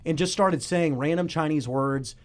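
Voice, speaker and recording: Animated young man hosting a podcast. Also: fairly high pitch, normal speed. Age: early 20s. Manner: animated, laughing storyteller. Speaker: podcast host. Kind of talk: casual podcast chat.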